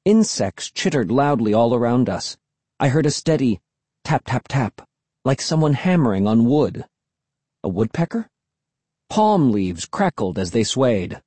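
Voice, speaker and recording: Husky, expressive man reading a story. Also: medium pitch, normal speed, no echo. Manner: expressive, first-person storytelling. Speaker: audiobook reader. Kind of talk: storybook narration.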